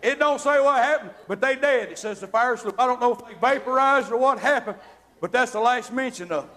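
A man's voice: very high-pitched, brisk. A man preaching an evangelical sermon, folksy and calling out to the congregation. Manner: folksy, calls out to the congregation, builds to shouting.

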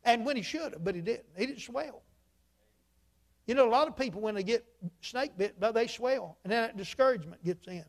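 High-voiced preacher telling a story. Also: male voice, animated, fairly quick. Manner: folksy, repeats "he said", builds to emphatic points. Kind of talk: sermon storytelling.

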